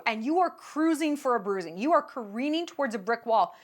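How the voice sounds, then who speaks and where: A woman's voice: fairly high pitch, animated, fairly quick, hardly any pauses. A woman hosting a vlog, giving sarcastic, mocking commentary with plenty of emphasis. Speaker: vlog host.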